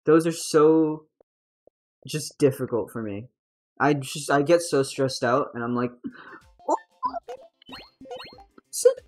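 A young adult woman streamer giving casual live game commentary, chatty and excitable and swearing freely. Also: rumbling low, a little slow, faint music behind, rough recording.

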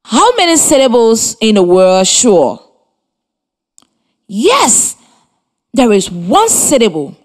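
A woman from Liberia teaching a primary lesson over the radio, with slow, clearly articulated, encouraging instruction to children. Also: on the high side, wildly swooping pitch. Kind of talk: slow scripted classroom instruction. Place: radio studio with students present.

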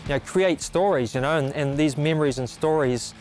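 Kiwi chef guy, relaxed and excited, slightly high voice, music playing under him. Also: brisk. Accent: New Zealand. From New Zealand. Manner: easygoing and enthusiastic, lots of "you know". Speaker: chef visiting the shop. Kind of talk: casual interview.

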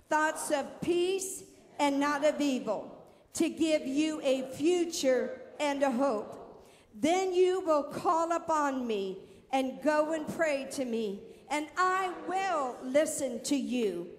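Slow high-voiced woman preacher in a hall. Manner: slow, emphatic preaching with call-and-response to the congregation. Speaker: pastor. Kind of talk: sermon. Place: church sanctuary.

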